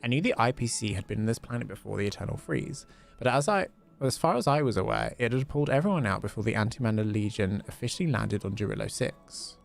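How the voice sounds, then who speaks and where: A man reading aloud the lines of a calm older male mentor from a game, in a plain voice. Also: lowish voice, fast, creaky.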